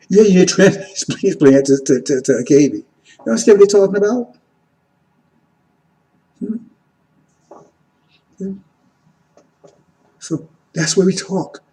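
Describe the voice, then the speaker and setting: A man giving an informal teaching sermon, repeating "See?" and "right?", moving between loud emphatic lines and quiet asides. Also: high-pitched, measured pace, long pauses, poor audio. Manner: repetitive, keeps asking "See?" and "right?". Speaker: religious teacher.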